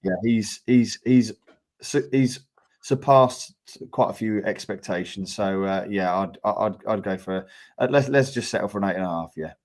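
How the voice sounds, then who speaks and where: Male panelist, lowish voice, halting casual delivery. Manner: hesitant, many fillers and restarts. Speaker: podcast panelist. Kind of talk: casual football chat.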